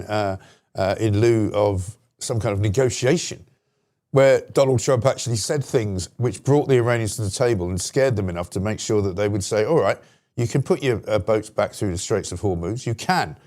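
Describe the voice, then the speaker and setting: A man's voice: on the low side, a little mellow. A British man hosting a political talk show, ranting sarcastically about the media. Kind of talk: opinionated political commentary.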